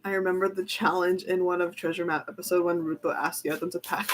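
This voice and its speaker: A woman reading tarot cards in a casual, chatty way, excitable and giggly. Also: lowish voice, quick pace, a little hiss or hum, low-quality recording. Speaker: tarot reader. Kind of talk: casual chat.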